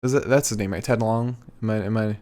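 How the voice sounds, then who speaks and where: A man's voice: lowish voice, fairly even intonation, fast talker, darkish tone. A man co-hosting a podcast, recapping events in a loose casual chat, rambling along with frequent ums. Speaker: podcast co-host.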